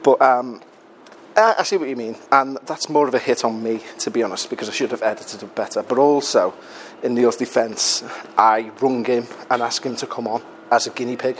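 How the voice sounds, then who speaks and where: A man's voice: mid-range voice, moderate pace, a little hiss or hum. Breathless British man rambling outdoors. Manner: chatty, self-mocking, swears casually. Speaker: podcast host. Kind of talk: casual rambling chat while walking. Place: outdoors on a city street.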